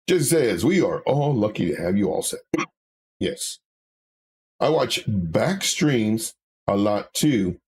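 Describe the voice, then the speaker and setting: Animated husky-voiced man chatting on a live stream. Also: medium pitch. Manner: animated, candid, with filler words and self-corrections. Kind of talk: casual live-stream chat reading comments.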